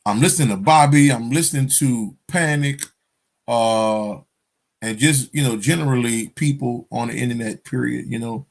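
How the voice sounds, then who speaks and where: A man telling a personal spiritual story in a casual, profane, rambling monologue, often checking in with "you understand?". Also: mid-range voice. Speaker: spiritual vlogger.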